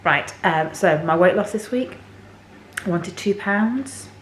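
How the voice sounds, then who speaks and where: A woman vlogging casually to camera in her home kitchen, chatty and a little hoarse. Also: animated, slow pace. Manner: chatty, talks to her dogs in a high sing-song voice. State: voice a bit hoarse. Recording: echoey kitchen, faint background noise.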